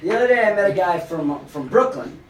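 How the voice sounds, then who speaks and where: On a comedy club stage before a live audience, a middle-aged man performs stand-up with a dry, rambling deadpan full of pauses, his voice sitting high. A distant mic gives a roomy, noisy club sound, with the crowd's laughter in the background.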